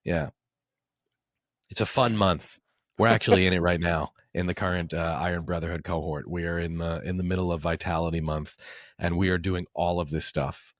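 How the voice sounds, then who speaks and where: A man's voice: low-pitched, fairly even intonation, normal speed, dry recording. A man in his forties, a men's coach, talking in a podcast conversation with an emphatic coaching delivery.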